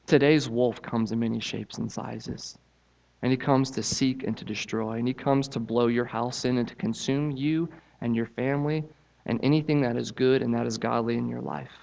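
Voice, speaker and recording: A man's voice: mid-range voice, steady tone, normal speed, vocal fry, a little mellow, lo-fi sound. A man preaching a sermon as pastor, earnest and emphatic as he drives his points home.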